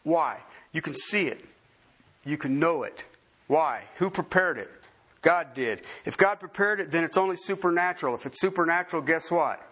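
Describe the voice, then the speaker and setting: Man, pastor, sermon, emphatic, repeats lines for stress, slightly high voice. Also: lively intonation, normal speed, slightly rough. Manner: swings from soft to loud, high emphasis.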